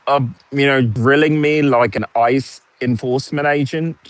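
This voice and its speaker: A man's voice: medium pitch, fairly even intonation, normal speed, no echo. A man in his forties with a posh British accent, telling a sarcastic story in a casual vlog monologue. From United States. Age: 40s. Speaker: vlogger.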